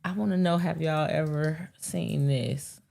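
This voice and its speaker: A woman's voice: sits low, fairly even intonation, a little slow, creaky, a little mellow. A woman hosting a live show, chatting casually and profanely to her chat while fumbling with her setup. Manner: rambling, profane, talks to chat.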